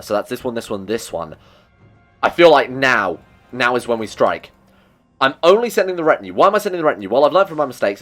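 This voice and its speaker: A man hosting a strategy game playthrough, talking excitedly to his in-game characters and joking at his own mistakes. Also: mid-range voice. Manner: self-mocking asides. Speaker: gaming video host. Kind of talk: let's play commentary.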